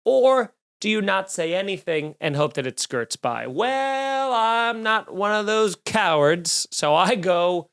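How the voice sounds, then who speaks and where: A male comedian hosting his own podcast, telling a profane, self-deprecating story in an animated, swearing manner. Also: high-pitched, slow, hardly any pauses, clear, resonant tone. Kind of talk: solo comedic storytelling rant.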